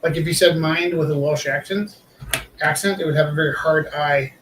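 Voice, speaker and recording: A man rambles casually, his voice a bit high and thick with fillers. He sits back from the mic in an echoey room. A faint hiss runs underneath. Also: steady tone, normal speed, fairly bright tone, far from the mic. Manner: rambling, chatty, trails off with fillers. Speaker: live-streaming artist. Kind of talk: casual chat while drawing.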